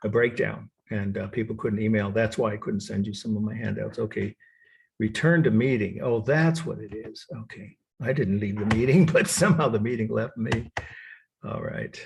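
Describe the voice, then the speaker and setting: A man lecturing on art history over a video call, repeating definitions slowly and correcting himself. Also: fairly low pitch, gravelly, slightly rough. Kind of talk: online lecture. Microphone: computer mic on video call.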